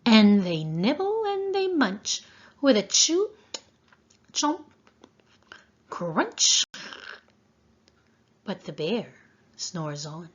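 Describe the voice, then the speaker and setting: Slow sing-song woman reading aloud. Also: mid-range voice, wildly swooping pitch. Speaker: preschool teacher. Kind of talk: children's picture-book read-aloud. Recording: dull lo-fi sound.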